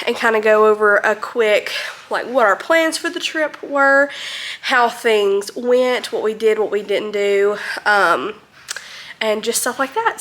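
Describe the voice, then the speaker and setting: Woman vlogger, bright tone, rambling and friendly filler-heavy delivery. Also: medium pitch. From North Alabama, US. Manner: chatty, many ums and likes. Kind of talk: casual rambling recap.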